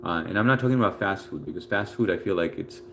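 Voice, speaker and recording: A man's voice: low voice, fast, fairly bright tone, slight background noise. A man hosting a casual live stream from home, reading out viewer comments in a laid-back, chatty way with plenty of fillers.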